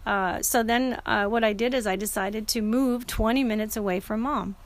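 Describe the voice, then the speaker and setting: A woman's voice: a little high, normal speed. A middle-aged woman telling a personal story in a casual, earnest and emotional way, often restarting her sentences.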